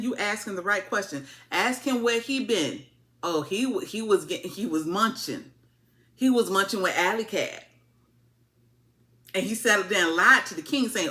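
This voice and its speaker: A woman giving a casual, animated, colloquial TV episode recap, repeating her points for emphasis. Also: medium pitch, normal speed, long pauses. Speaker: TV show reviewer.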